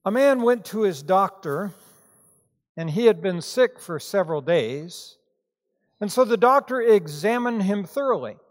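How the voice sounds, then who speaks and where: High, animated preacher in an echoing hall. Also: male voice, unhurried. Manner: storytelling, joking with the congregation. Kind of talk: sermon with scripture reading and props. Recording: reverberant hall sound.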